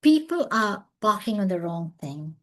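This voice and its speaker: A woman lecturing in a webinar over video call has a mid-range voice with big pitch swings and a measured pace. Earnest and emphatic, she tells her story with much animation. She is from overseas and currently lives in South Africa.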